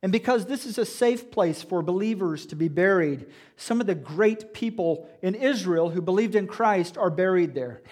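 Man, pastor, high-pitched voice, earnest sermon, reflective questions, church. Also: expressive, normal speed, few pauses, a little mellow.

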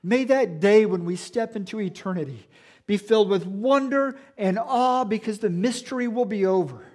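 A man's voice: sits high, normal speed, a little mellow. A man preaching a sermon in a church, earnest and reflective, asking his listeners questions. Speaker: pastor.

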